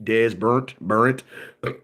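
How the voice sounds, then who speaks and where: A man's voice: fairly low pitch, takes it slowly, a bit bright. A man hosting a sports livestream, ranting emphatically in slangy, repetitive talk and answering viewer comments. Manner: emphatic and repetitive, slangy, often asks "you know what I'm saying". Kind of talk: animated livestream rant.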